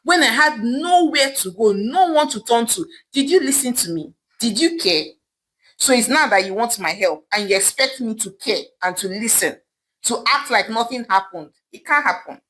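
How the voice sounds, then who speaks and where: A woman's voice: fairly high pitch, animated, normal speed, fairly bright tone, slight background noise. A woman doing a scornful, furious young woman. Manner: angry, scornful. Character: bitter, wealthy young woman scorning her parents.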